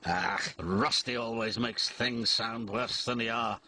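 A man's voice: medium pitch, fairly even intonation, takes it slowly, sharp tone, a little hiss or hum, full character voice. A man voicing a grumpy, proud male steam engine in a storybook, talking crossly and dismissively.

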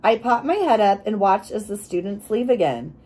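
A woman reading a children's chapter book aloud, expressive and acting out the sound effects. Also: mid-range voice, moderate pace, slightly rough. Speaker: reader.

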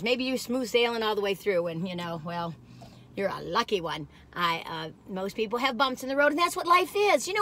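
A woman's voice: high-pitched, sharp tone. An older woman, rambling in a folksy, exclamatory way while reviewing cookies on her vlog. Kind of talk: casual chatty food review.

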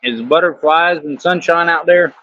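A man's voice: a little high, normal speed, bright, forceful tone, no echo, muffled recording. A man fishing on a pontoon boat, answering in an easygoing, offhand way from a little away from the mic. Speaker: fishing companion. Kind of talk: casual chat.

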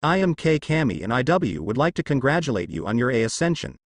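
A stammering young goddess, soft-spoken and polite, read by a man. The voice rises and falls with plenty of movement. It sounds close and dry, with no room around it. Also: medium pitch, very animated, fast, dry recording. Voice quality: stuttering. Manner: gentle and polite.

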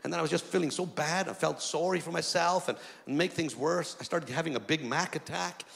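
A man preaching a storytelling sermon. He is animated and acts out the dialogue in his stories. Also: fairly high pitch, fairly quick, vocal fry. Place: church hall, indoors. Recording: long reverb in a large hall.

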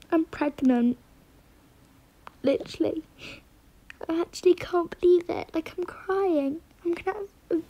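A woman's voice: high-pitched, dark tone, a little hiss or hum. A woman vlogger talking through a role-play to her viewers, often dropping to a whisper.

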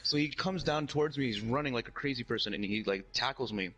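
A man's voice: mid-range voice, fast, rough recording. A young man chatting casually as a streamer, telling a long story in a rambling way, full of "like" and "right?". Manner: animated, rambling, heavy use of "like" and "right?".

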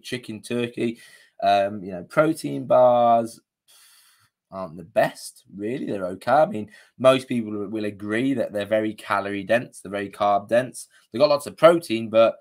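A man with a low-pitched, slightly worn voice gives a live coaching talk. He is chatty and casual, and keeps checking in with his audience. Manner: chatty, punctuates with "okay?" and "you know". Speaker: diabetes coach.

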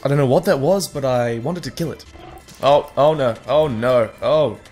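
A man's voice: mid-range voice, normal speed, darkish tone, soft background music. A man hosting a let's play, giving sarcastic, swearing running commentary on a game as he plays it. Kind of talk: gameplay commentary.

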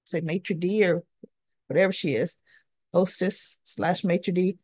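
A woman's voice: mid-range voice, no room sound. A woman hosting a daily soap opera recap, retelling scenes in a chatty way and acting out the characters' lines. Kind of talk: casual recap narration.

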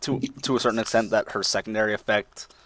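A man with a lowish voice trades sarcastic quips in a casual podcast chat. The recording is dry and close, with no room sound. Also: steady tone, fast talker, fairly bright tone, dry recording. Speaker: podcast co-host.

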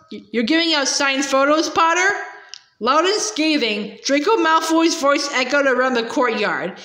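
Woman, amateur read-aloud of a novel; high voice, echoey room. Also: pushed and bright. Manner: unpolished reading with slips and restarts. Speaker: reader. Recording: roomy echo.

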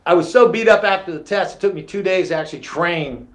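Animated man telling war stories. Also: high voice, quick pace. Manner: animated storyteller who acts out quotes, swears casually. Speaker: guest, former fighter. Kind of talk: casual storytelling interview.

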